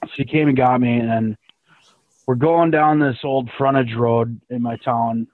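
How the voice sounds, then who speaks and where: A man in casual chat, telling profane, animated stories to his build team. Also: medium pitch, a little slow. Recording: tinny phone-like sound with faint noise.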